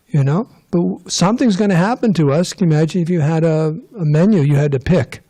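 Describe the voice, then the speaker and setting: Mellow, rambling male class speaker. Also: high-pitched, lively intonation, a little fast, few pauses. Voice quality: rambling, digressive, joking. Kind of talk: casual scripture class talk.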